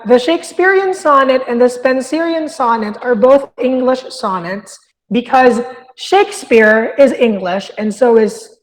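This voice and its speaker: A woman teaching a literature review lesson, explaining step by step and often checking in with "okay?". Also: fairly high pitch. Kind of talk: recorded lecture. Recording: long hall reverb.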